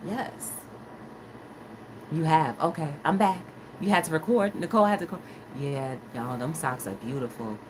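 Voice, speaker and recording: Lively woman host chatting with her stream, acts out quotes, faint noise behind. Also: on the low side. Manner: animated storyteller, acts out quotes, laughs often. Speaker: livestream talk show host. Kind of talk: casual chat reading live comments.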